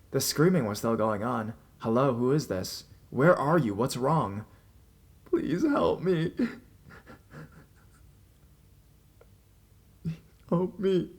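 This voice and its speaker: A man reading a first-person horror story aloud, telling it in an expressive way with small restarts. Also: mid-range voice, vocal fry, slightly rough.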